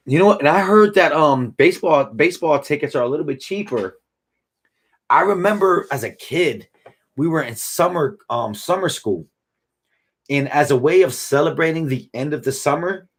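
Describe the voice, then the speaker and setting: A man from Buffalo, New York, with a fairly low, slightly rough voice, hosts a casual live stream. He reads out viewer comments from the chat in laid-back, slangy banter.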